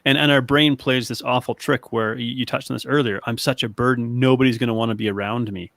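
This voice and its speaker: A man's voice: mid-range voice, fairly even intonation, quick pace, creaky, a bit bright, dry recording, studio quality. A man hosting a podcast, speaking thoughtfully, with many restarts and affirmations. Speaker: podcast host. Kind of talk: reflective interview chat.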